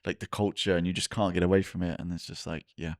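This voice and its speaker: A man's voice: deep voice, flat delivery, fast talker, no room sound, clean studio sound. A man in his thirties from the south of England co-hosting a podcast, teasing his co-hosts and laughing often. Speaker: podcast co-host. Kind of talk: casual chat.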